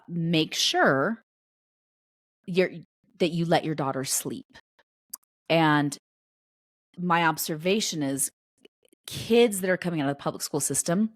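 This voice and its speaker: A woman's voice: fairly low pitch, no room sound, studio quality. A woman in her forties hosting a homeschooling podcast, chatting casually and animatedly, laughing and restarting her sentences. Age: 40s. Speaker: podcast host. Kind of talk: casual solo podcast chat.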